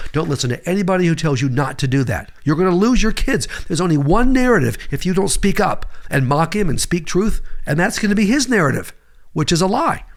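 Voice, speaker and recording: A man, a psychologist, delivering a blunt, emphatic advice monologue straight to his viewers. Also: fairly high pitch. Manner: emphatic, blunt, punchy delivery with sharp rises. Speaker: psychologist giving relationship advice.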